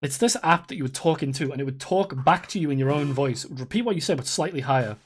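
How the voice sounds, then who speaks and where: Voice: mid-range voice, fast talker, slightly rough. A streamer in their thirties, chatting casually and rambling while playing a game, swearing freely and laughing often. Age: 30s. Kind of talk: casual live-stream chat while gaming.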